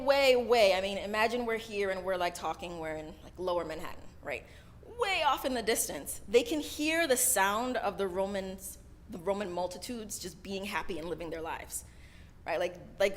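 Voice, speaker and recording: A woman's voice: medium pitch, a little hiss or hum. Chatty woman telling a sermon story. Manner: chatty, keeps adding "right?". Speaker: sermon speaker. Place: synagogue service.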